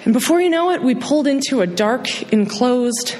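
A young woman telling a personal story to an audience, animated and self-mocking, acting out the dialogue. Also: high-pitched, moderate pace, big-room sound.

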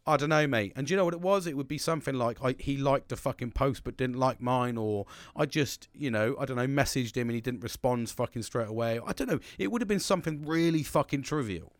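Swearing man, halting confession. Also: mid-range voice, dry recording. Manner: profane, halting, many restarts. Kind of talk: casual confessional monologue.

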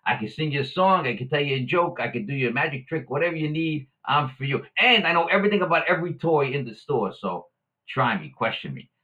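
A man's voice: fairly high pitch, expressive, fast talker, highs cut off, voice pushed up. Vinny, a man doing a brash New York showman. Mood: boastful. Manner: loud, chummy, salesy.

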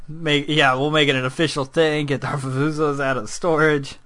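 A man hosting a casual stream chat, animated and laughing, often breaking into mock shouts. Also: on the high side, brisk, no room sound.

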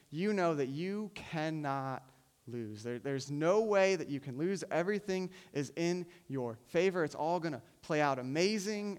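A man preaching a sermon in an earnest way, often repeating words as he starts phrases. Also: a little high. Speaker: pastor.

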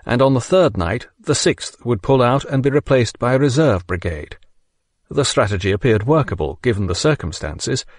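A man narrating a history audiobook in a measured, steady reading. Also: medium pitch, no room sound, studio quality.

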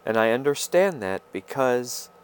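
A man hosting his own podcast, talking through a halting, confessional monologue full of fillers and restarts. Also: mid-range voice, animated, clean tone. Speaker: podcast host. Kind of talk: rambling personal monologue.

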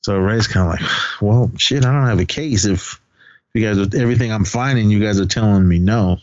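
A man's voice: on the low side, brisk, darkish tone, a little hiss or hum. A man co-hosting a podcast, casually retelling a movie's plot and quoting its lines with a laugh now and then. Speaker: podcast co-host. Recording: dull lo-fi podcast audio.

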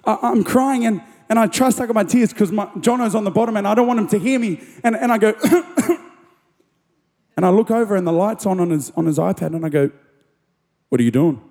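A young man preaches a sermon with an unusually high yet mellow voice. He builds from easy storytelling to shouted, animated declarations. The sound carries a long reverb from a large church hall. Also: brisk. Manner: animated, rising to shouts on key phrases.

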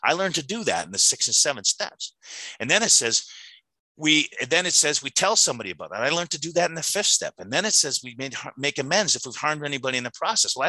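A middle-aged man tells his sobriety story at a recovery meeting, earnest and halting, with many restarts. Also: fairly high pitch, sharp tone, no echo, poor audio. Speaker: AA speaker sharing his story.

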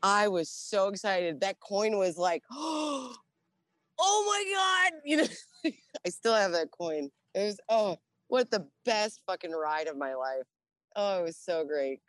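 A middle-aged woman, a Navy veteran, telling her story in a casual, profane, animated way and acting out the dialogue. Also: fairly low pitch, no room sound. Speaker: interview guest, Navy veteran.

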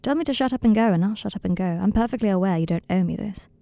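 A woman voicing an earnest, tender young male wizard in an audiobook reading of a fan story, speaking in a softly confiding, slightly rambling way. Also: medium pitch, very fast, vocal fry, no room sound, natural voice.

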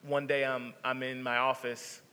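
A man's voice: mid-range voice, flat delivery, normal speed, sharp tone, clean tone. A male pastor telling a story in a sermon, talking conversationally with many restarts. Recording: reverberant sanctuary sound.

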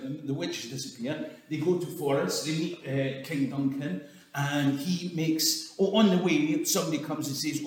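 Recorded at a distance in an echoing hall, a Scottish storyteller chuckles and curses his way through a cheeky, comic take on history. His voice is on the high side, steady in tone, at a normal speed.

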